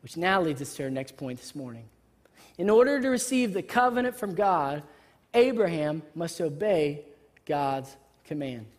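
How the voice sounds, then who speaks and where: Animated woman preaching in an echoing hall. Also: low voice, moderate pace. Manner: animated, conversational, joking. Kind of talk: sermon. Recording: reverberant hall.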